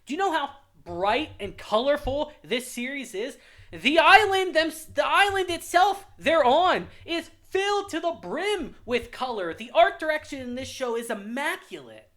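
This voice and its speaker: An extremely high-pitched, very animated voice belongs to a young anime reviewer ranting about a list on his own channel. He talks a little slowly with a slightly bright tone, sounding heated, profane, and exasperated.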